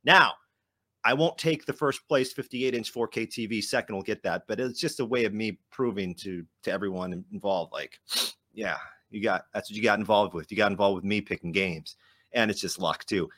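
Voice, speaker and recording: A man's voice: lowish voice, normal speed, bright, forceful tone. Chatty male podcast host. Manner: chatty, rambling with restarts. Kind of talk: casual chat.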